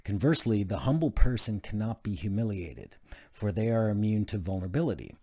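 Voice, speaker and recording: Man, reading a book aloud, casual commentary, frequent fillers, low pitch, mellow tone. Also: lively intonation, brisk. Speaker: channel host reading a self-help book.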